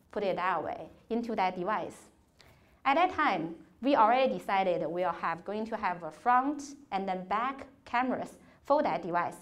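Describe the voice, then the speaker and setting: A woman giving a workshop talk to students, telling career stories in earnest, non-native phrasing with a few restarts. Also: medium pitch. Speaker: conference speaker. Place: lecture hall.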